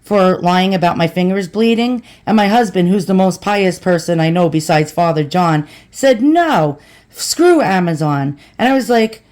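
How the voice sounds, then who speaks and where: A woman's voice: lowish voice, moderate pace, few pauses, a little mellow. A woman in her forties, rambling and chatty as she talks through an unboxing vlog at home, calling her viewers boys and girls. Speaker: vlogger.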